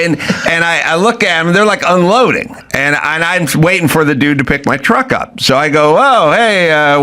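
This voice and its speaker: A man's voice: mid-range voice, a bit bright. A middle-aged man telling a rowdy story in casual chat, acting out quotes, swearing and laughing. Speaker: podcast host.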